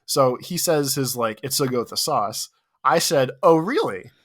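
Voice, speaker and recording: A man's voice: mid-range voice, expressive, moderate pace, fairly bright tone. A young man co-hosting a podcast, telling a long, self-mocking story in a casual, rambling way full of "like". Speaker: podcast co-host.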